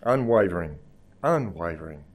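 A man preaching a sermon, moving between hushed, low passages and raised, fervent emphasis, often repeating words as he goes. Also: expressive, normal speed. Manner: repeats words while searching for the next phrase.

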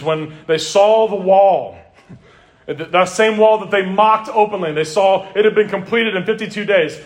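A man's voice: high-pitched, a bit bright. A man, a pastor, preaching an earnest expository sermon that builds through emphatic repeated lists.

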